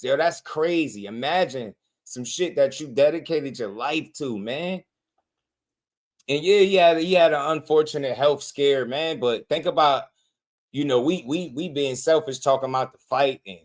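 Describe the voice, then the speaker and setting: Animated man ranting in slang. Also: medium pitch, normal speed. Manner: animated, repetitive, slangy, calls listeners bro. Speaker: boxing channel host. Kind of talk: casual commentary.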